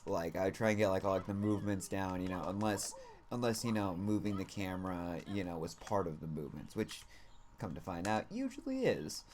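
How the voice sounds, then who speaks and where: A man streaming a game and chatting casually, with a slightly low voice. He rambles through his story, leaning on "like" and "you know" every few words and dropping casual swears along the way. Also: lively intonation, fairly quick, darkish tone, a little hiss or hum.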